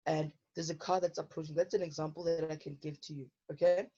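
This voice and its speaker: Brief: woman, science teacher online, low husky voice, keeps asking "okay?", dull lo-fi audio. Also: steady tone, quick pace, mellow. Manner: checks in with frequent "okay?". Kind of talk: online lesson explaining problems.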